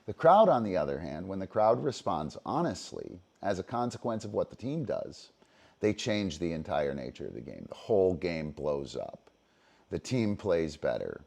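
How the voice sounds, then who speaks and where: A man's voice: fairly low pitch, darkish tone. A man hosting a dog-training livestream, explaining in a casual, profane way with lots of fillers and "right?" tag questions. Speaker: disc dog trainer and show host.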